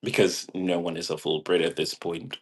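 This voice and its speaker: A man's voice: low voice, flat delivery, moderate pace, breathy edge. A man rambling casually in a monologue, swearing and laughing at his own jokes. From half British. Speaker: vlogger.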